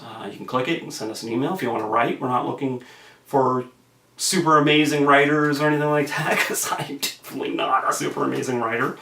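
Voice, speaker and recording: A man's voice: medium pitch, fairly bright tone. A man giving a casual, rambling film review to camera, offhand and profane. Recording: roomy echo.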